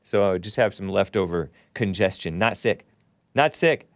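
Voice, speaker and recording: A man's voice: low-pitched, lively intonation, moderate pace, no echo, clean studio sound. A congested man hosting a call-in talk show, rambling casually and laughing often between remarks. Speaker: talk show host taking calls and reading chat.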